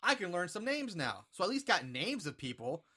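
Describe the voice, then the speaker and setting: A man's voice: sits high, very animated, fairly quick, bright, forceful tone. A man co-hosting a podcast, recapping a movie in a rambling, profane, casual way. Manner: rambling, profane, filler-heavy. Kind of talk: casual chat.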